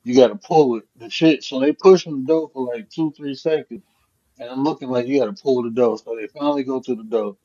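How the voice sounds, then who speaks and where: A man hosting a casual live chat, telling a profane, animated story. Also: mid-range voice, fairly quick. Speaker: host. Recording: dull lo-fi stream audio.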